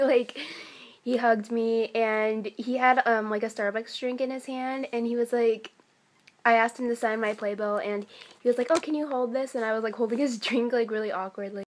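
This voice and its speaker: An excitable teenage girl chatting to camera in a casual vlog, her voice a little high. She rambles eagerly, filling her sentences with "like" and "um". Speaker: vlogger.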